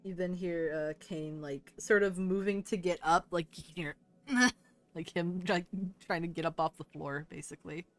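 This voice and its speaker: A woman's voice: fairly low pitch, moderate pace. A woman game master narrating a tabletop game in a loose, rambling way, full of fillers.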